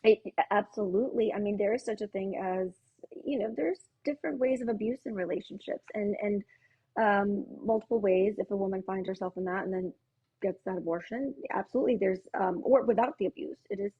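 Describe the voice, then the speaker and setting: Woman psychotherapist, breathy tone, earnest and hesitant podcast talk. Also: mid-range voice, a little fast, dull audio. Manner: thoughtful, earnest, many fillers. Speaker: psychotherapist guest. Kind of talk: casual podcast discussion.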